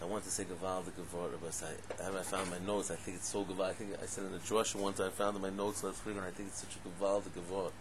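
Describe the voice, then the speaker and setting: A man giving a lively Torah class, asking rhetorical questions and breaking into loud exclamations. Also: low voice, racing, few pauses, noisy background. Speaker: Torah teacher.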